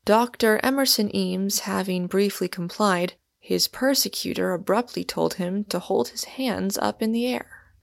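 Slow, gravelly woman narrator. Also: mid-range voice, dry recording, studio quality. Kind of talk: audiobook narration.

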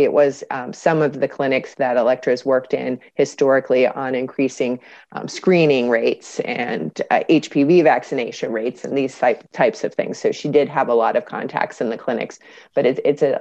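A woman's voice: rumbling low, fairly quick, dark tone, dull audio. A woman researcher answering interview questions in an explanatory way, with frequent fillers. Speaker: cancer researcher guest.

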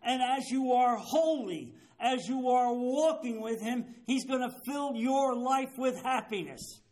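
Seventies male pastor, high-pitched, emphatic sermon delivery, keeps checking listeners follow. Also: a little slow, darkish tone. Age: 70s. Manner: emphatic, keeps asking "you understand?". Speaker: pastor leading a Bible study. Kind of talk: sermon-style Bible teaching.

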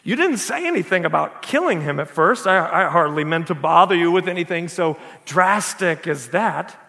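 A flustered male ghost from hell, stammering and apologetic, dodges with one excuse after another, as a preacher reads him aloud. The voice sits high with a gravelly edge. The reading is in a big, echoing hall with a long reverb. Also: expressive, moderate pace, pushed and bright, exaggerated voice.

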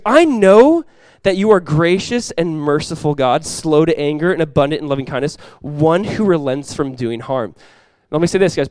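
Pastor, male, fast and animated, conversational sermon, dry close sound. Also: fairly high pitch, no room sound. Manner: animated, conversational preaching with quick acted-out asides.

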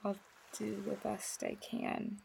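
A woman playing her character in a tabletop game, speaking in a halting, earnest way. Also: medium pitch, wildly swooping pitch, vocal fry, a little hiss or hum. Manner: halting, earnest, with soft laughs. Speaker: player.

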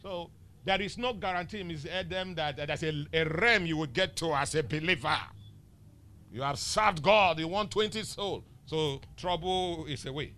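A man's voice: fairly high pitch, normal speed, pushed and bright. A male pastor preaching a sermon, emphatic and teasing, firing rhetorical questions at the congregation. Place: church.

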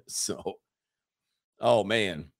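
A man's voice: deep voice, very slow. A man hosting a casual livestream, talking emphatically with many fillers and restarts and reading chat comments aloud.

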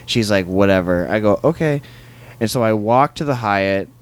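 Comedian guy, kinda low voice, drunk hotel room chat, swearing a lot, acting out quotes in his story. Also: normal speed. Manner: profane, rambling anecdotes with acted-out quotes. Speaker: comedian guest.

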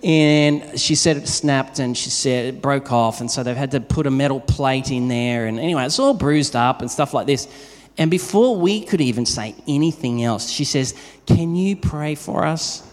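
A man preaches in a relaxed, conversational manner, weaving everyday stories into his sermon. His voice sits at an ordinary middle pitch. The sound rings with the long reverb of a large hall. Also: moderate pace. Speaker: pastor.

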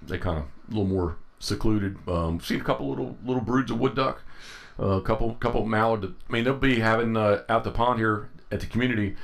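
A low-pitched man chats casually on a podcast from outdoors by a pond. He hesitates and restarts his sentences, circling back before settling on a point. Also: brisk, vocal fry. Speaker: podcast co-host. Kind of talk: casual chat.

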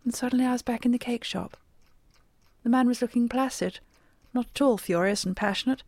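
Woman, scripted comic monologue, deadpan, sarcastic, dry studio sound. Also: on the high side, no echo. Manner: wry, deadpan, sarcastic asides.

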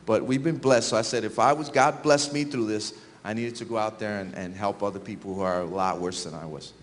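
A man giving an earnest, halting testimony in church, stumbling and restarting as he speaks. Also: on the low side, fairly even intonation, in a large hall, a little hiss or hum. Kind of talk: personal testimony.

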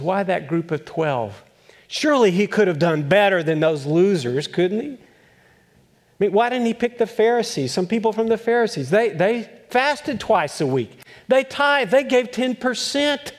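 A male pastor preaching a sermon, telling a story with acted-out voices and chuckles, then asking animated questions. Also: high voice.

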